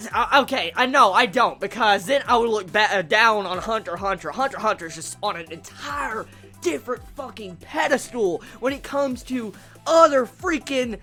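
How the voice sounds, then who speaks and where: A woman with a fairly high voice gushes over an anime episode in a reaction review. She swears freely and breaks into excited shouts. Faint music plays underneath. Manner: gushing, swears a lot, bursts into shouts.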